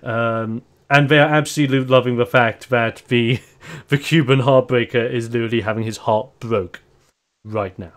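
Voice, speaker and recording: A man running a tabletop wrestling role-playing game, narrating moves with lively announcer flair and frequent laughs. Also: medium pitch, moderate pace. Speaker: game master.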